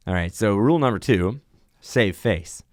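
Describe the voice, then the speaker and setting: A man's voice: fairly low pitch, normal speed, no room sound, studio quality. A man who flies for an airline, chatting in a podcast and telling emphatic stories about flying. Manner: animated storyteller, emphatic. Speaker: airline pilot guest. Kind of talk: casual podcast chat.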